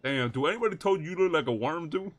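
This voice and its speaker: A man's voice: fairly high pitch, lively intonation, quick pace. A man roleplaying a character in a game, talking in slang, laughing and protesting a lot. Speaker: roleplay streamer.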